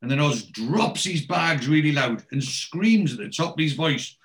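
A man's voice: a little high, animated, normal speed. A man in casual chat, rambling through a TV episode and quoting the characters in his own voice.

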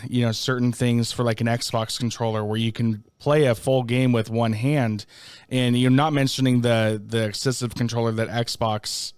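Laid-back guy chatting, lots of "um" and "you know", smooth clear voice, mid pitch. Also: no echo. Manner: easygoing, halting with many fillers. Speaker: educator, podcast guest. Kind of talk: casual conversation. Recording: dry, close sound.

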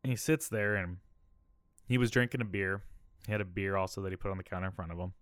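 A man's voice: low voice, fairly even intonation, fast, fairly bright tone, no room sound, studio quality. A man around thirty, a podcast host telling a personal story in a candid, rambling way, often checking in with "okay?" and "all right?".

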